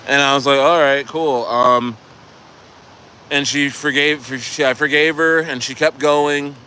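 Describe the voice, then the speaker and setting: A man's voice: a little high, flat delivery, a little slow, pushed and bright, a little hiss or hum. A man casually telling a long story from a vacation condo, rambling and swearing with lots of restarts. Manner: rambling, profane, many restarts and "bro". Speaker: crypto vlogger.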